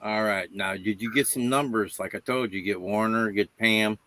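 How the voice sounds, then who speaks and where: A man's voice: on the low side, steady tone, moderate pace, bright, forceful tone, dry recording. A man hosting a casual livestream panel, drawing guests in and asking questions. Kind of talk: casual chat.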